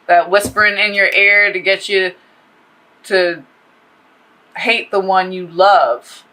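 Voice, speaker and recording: Bright-voiced woman doing a profane tarot reading. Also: medium pitch, slow, rough recording. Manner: rambling, profane, animated. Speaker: tarot reader. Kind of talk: casual tarot reading monologue.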